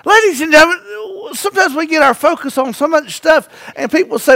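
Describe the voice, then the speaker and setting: A pastor preaching a sermon, swinging between loud emphasis and hushed asides and asking the congregation rhetorical questions. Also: male voice, very high-pitched, fairly quick, few pauses.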